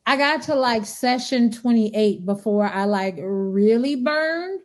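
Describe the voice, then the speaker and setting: A woman guest on a podcast, telling a personal story in casual, animated talk and acting out what people said. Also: fairly high pitch, slow pace. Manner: animated, acts out dialogue in quotes.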